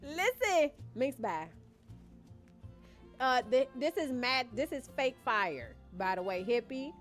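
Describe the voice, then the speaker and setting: Slow and animated, a young woman with a slightly high voice chats with her live-stream viewers as she plays and thinks aloud. She calls them "y'all," and faint game music plays behind her.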